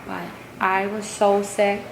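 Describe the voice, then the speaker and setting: A woman's voice: medium pitch, level tone, slow, creaky, noisy background. A young pregnant woman chatting casually in a vlog, rambling and self-deprecating. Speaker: vlogger.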